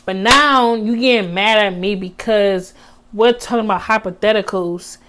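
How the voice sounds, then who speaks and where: A woman's voice: mid-range voice, normal speed, a bit bright. Young woman, storytime vlogger, casual and slangy, talks right to viewers. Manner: chatty, heavy use of "like" and slang, addresses viewers as y'all.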